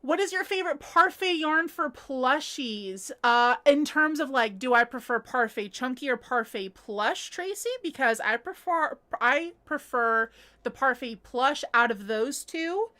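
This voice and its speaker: A woman's voice: high-pitched, lively intonation, measured pace, hardly any pauses, pushed and bright. An American woman hosting a casual livestream from home, chatting and answering viewer comments, laughing often and saying "like" a lot. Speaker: livestream host. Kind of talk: casual chat reading live comments.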